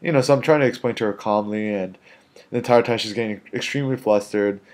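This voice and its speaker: A street photographer, a man, recounts an encounter in a loose, conversational ramble. His voice sits on the low side, and he leans on fillers like "you know" and "um". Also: fast talker, darkish tone. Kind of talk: casual storytelling.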